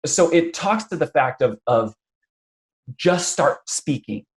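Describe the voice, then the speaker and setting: A man's voice: on the high side, animated, slow pace. A man hosting a conversational interview, telling stories with frequent restarts and acting out quotes. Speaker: podcast host.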